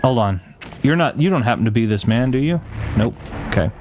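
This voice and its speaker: This game streamer's mid-range voice is animated, brisk and darkish, with a faint hiss or hum behind it. He gives casual gameplay commentary, reading on-screen text aloud between chats with live viewers, rambling with frequent restarts and self-corrections.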